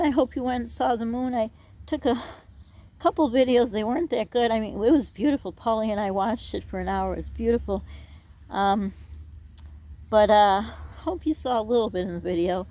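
A woman's voice: a little high, brisk, darkish tone. A middle-aged woman chatting in a rambling way while gardening outdoors for her vlog, out of breath. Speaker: vlogger.

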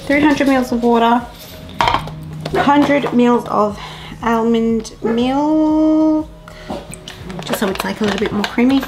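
A woman's voice: a little high, moderate pace, poor audio. A woman chatting casually to her viewers while cooking in a home kitchen, rambling with friendly asides. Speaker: vlogger. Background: music.

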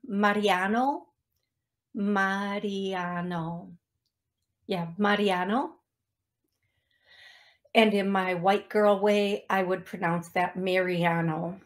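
A woman hosting a psychic medium radio show, chatty and self-deprecating, often laughing at herself. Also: medium pitch. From United States. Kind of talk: casual radio show talk.

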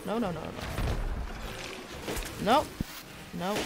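A young woman commentating her live game stream, muttering quietly and then yelling at teammates. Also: medium pitch, expressive, slow, gravelly. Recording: game music behind voice.

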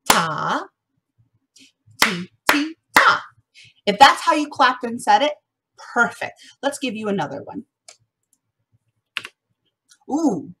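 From her home, a young adult woman teaches a remote music lesson to first-grade kids. She has a mid-range voice that is bright, sing-song, encouraging, and a touch husky.

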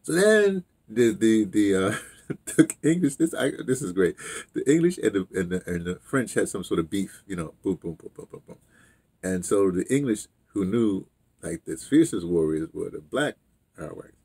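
Deep, gravelly man telling a story. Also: lively intonation, normal speed, warm tone. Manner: loose, digressive, heavy on fillers and restarts. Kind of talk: casual rambling storytelling.

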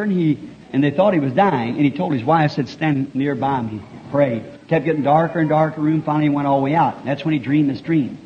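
Male preacher, folksy storyteller, fervent, high voice, old lo-fi tape. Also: a little hiss or hum. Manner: fervent, builds to shouting; folksy storytelling with repeated refrains. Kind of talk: sermon. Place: church meeting. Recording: dull lo-fi early 1960s tape.

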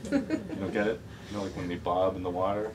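Playful man reading to kids, very lively pitch. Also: fast. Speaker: author reading his picture book. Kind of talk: children's story reading. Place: bookstore, indoors. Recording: distant mic, noisy bookstore.

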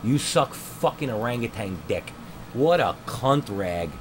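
In an unhurried, mid-range voice, a young man at home delivers profane, ranting commentary on the game he's streaming, full of crude mocking slang. Steady noise hums behind his noise-cancelling headset mic.

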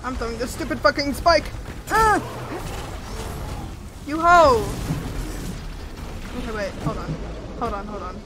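A woman's voice: on the high side, sing-song, measured pace, long pauses, background noise. A young woman streaming a game live, shrieking, pleading and swearing as she plays, with bursts of laughter. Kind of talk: live gameplay commentary. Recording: game music behind the voice. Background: game music and sound effects.

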